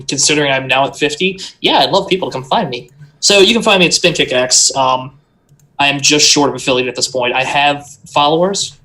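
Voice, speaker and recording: A man playing in a live tabletop stream, chatting casually and joking around in a relaxed way. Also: medium pitch. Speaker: player.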